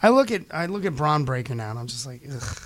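A man's voice: on the high side, big pitch swings, quick pace. Upbeat man hosting a radio show. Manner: laughing, hype sign-off announcer energy. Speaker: host. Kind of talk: casual radio show chat.

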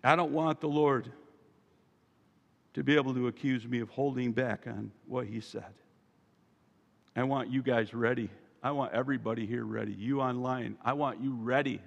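A man preaching a sermon as pastor, moving from quiet asides to loud, emphatic calls to his congregation. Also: medium pitch, fairly even intonation, normal speed, creaky, pauses often, long reverb tail, muffled recording. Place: church sanctuary.

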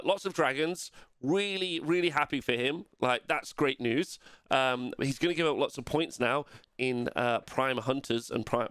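A male host with a creaky, gravelly edge to his voice talks loosely through tournament results. He rambles and corrects himself as he goes, at a mid pitch. The sound is dry and close, with no room around it. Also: a bit bright, no echo. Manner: rambling, with many fillers and self-corrections. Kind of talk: casual tournament-results commentary.

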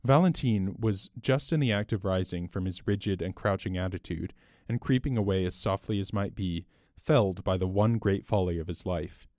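Male narrator, low register, dry close sound, measured storytelling. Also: a little mellow, no room sound. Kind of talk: scripted audiobook narration.

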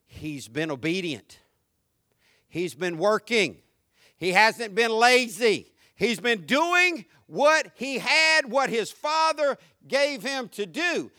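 High-voiced, bright energetic preacher. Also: male voice, takes it slowly, no echo, studio quality. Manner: energetic, conversational preaching that builds to shouts. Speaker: pastor. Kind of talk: sermon.

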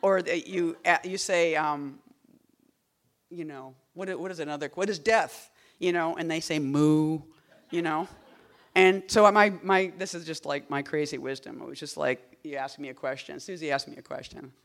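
A woman poet at a reading chats casually between poems, rambling, wry, and interrupting herself, swinging between loud bursts and quiet murmurs. Her voice is low-pitched with a steady tone at a moderate pace.

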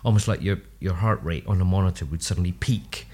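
A fast-talking man with a deep voice works as a speech and language therapist and is a guest in a casual podcast interview. He tells humorous personal anecdotes warmly, peppered with lively asides.

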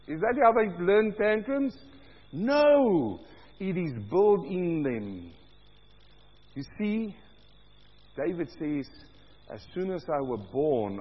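A man preaching a sermon, asking rhetorical questions and swinging between hushed lows and loud emphatic peaks. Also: lively intonation, a little slow, long pauses, slightly rough. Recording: dull sound in a long-reverb hall.

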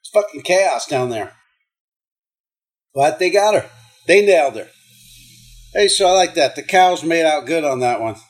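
A sarcastic man hosting a comedy countdown, his voice sitting a little higher than most men's. He reads odd news stories aloud, then breaks off to mock them with crude, profane asides. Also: animated, a little slow, long pauses, faint music behind. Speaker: host of a comedy countdown show.

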